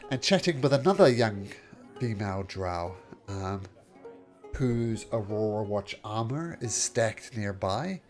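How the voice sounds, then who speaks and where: A man's voice: lowish voice, expressive, darkish tone. Guy gm narrating the scene, stop-start with lots of uhs, music faint behind. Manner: halting, full of fillers. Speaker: game master. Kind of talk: narrating a tabletop game.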